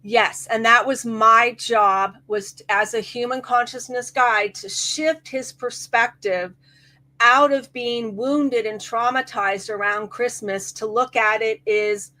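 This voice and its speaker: A woman's voice: a little high, fairly even intonation, takes it slowly, bright, forceful tone. A middle-aged woman, a hypnotherapist guest, animatedly telling a client story and acting out the quoted voices. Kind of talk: storytelling in casual chat.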